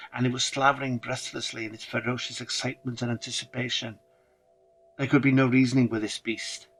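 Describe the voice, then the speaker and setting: A man's voice: mid-range voice, fairly bright tone, rough recording. A man narrating a first-person horror story dramatically, with casual swearing.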